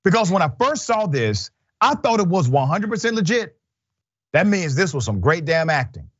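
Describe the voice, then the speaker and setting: A man hosting a news commentary show, talking in an animated, emphatic and wry way. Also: high voice, normal speed, slightly rough, no echo, muffled recording. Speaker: show host. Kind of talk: casual commentary.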